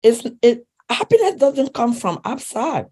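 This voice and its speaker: A woman's voice: fairly high pitch, very animated, measured pace, mellow, breathy edge. A middle-aged woman with a non-native English accent, a relationship coach talking in an interview, earnest and emphatic, repeating herself and searching for words. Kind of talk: interview conversation.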